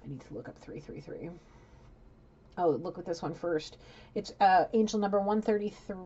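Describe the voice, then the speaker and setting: A woman with a low, mellow voice gives a rambling, blunt psychic reading in a casual, chatty way. She sometimes swears. The recording sounds dull and lo-fi, with faint noise behind it. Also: expressive, normal speed, husky. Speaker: psychic tarot reader.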